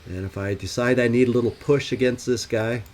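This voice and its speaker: A man hosting a let's play talks a little fast in a mid-range, darkish voice with fairly even intonation, and there's slight background noise. As a gaming channel host, he thinks aloud through his tactical moves, adding wry asides that question his own plans.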